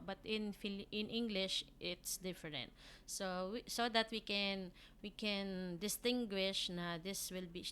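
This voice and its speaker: A woman's voice: lowish voice, a bit bright, slight background noise. A woman teacher with a Filipino accent gives a children's reading lesson. She repeats each word twice and switches between English and Tagalog.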